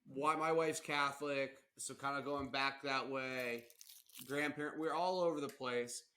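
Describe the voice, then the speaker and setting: A young man co-hosting a podcast in casual chat, animated and rambling, often laughing and restarting his sentences. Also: medium pitch, measured pace. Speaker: podcast co-host.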